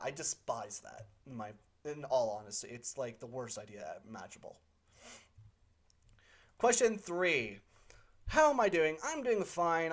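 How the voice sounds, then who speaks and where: Speaking in a mid-range, slightly bright voice, a channel host fields viewer questions off the cuff. The casual monologue rambles, offers strong opinions, and is full of fillers and self-corrections.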